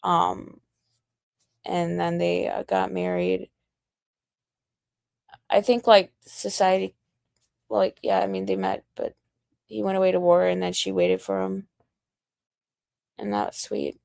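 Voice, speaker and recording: Young American woman, gravelly edge, dry close room; rambling, cussing livestream host. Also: fairly low pitch, slow, pauses often, darkish tone, no room sound. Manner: profane, heated, rambling. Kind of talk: casual livestream rant.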